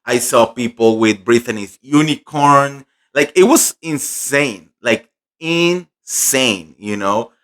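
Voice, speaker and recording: A young man recapping a fan convention in casual, gossipy chat, animated and full of fillers. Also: medium pitch, takes it slowly. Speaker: pop culture vlogger.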